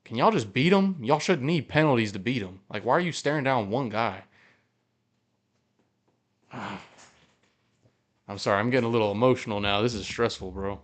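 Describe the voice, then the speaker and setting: Male podcast host, live game reaction, excitable fan who swears, mid-range voice, close podcast mic. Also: medium pitch, moderate pace, pauses often. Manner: excitable, swears, cheers and groans at plays.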